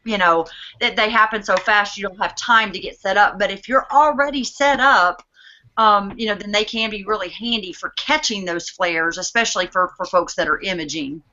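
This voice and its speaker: A woman's voice: mid-range voice, normal speed, sharp tone, dull audio. A woman talking in a casual online hangout, chatty and full of "um" fillers, over a video call. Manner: chatty, many "um" fillers and restarts.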